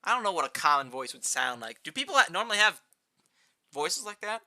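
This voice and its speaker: Bright-voiced young man streaming chat. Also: a little fast. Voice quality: fairly high-pitched. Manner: rambling, answers chat, rising excited outbursts. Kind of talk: casual live-stream chat while gaming.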